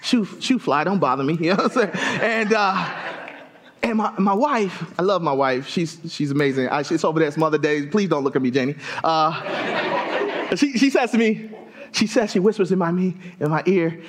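A man from Southern Africa preaching a sermon, telling funny stories to the congregation with wide swings in pitch. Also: moderate pace. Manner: animated, storytelling with jokes to the congregation; lively pitch swings, rising high for emphasis.

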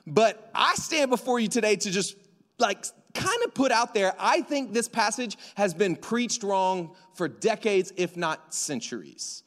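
A man preaching a sermon to a church congregation, animated and joking, acting out dialogue in slang. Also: high-pitched, measured pace. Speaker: pastor. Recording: long hall reverb.

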